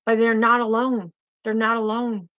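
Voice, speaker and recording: A woman's voice: on the high side, little pitch movement, moderate pace, a bit bright, no room sound, lo-fi sound. Fervent woman preaching her calling. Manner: fervent and insistent, repeats key phrases; blunt, swears now and then. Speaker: spiritual healer vlogger. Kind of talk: emphatic spiritual monologue.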